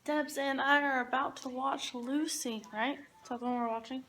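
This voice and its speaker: A woman's voice: high voice, steady tone, normal speed, fairly bright tone, a little hiss or hum. A young woman talking casually to her camera in a daily vlog, chatty and storytelling. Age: young adult. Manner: chatty, storytelling, laughs easily. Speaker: vlogger.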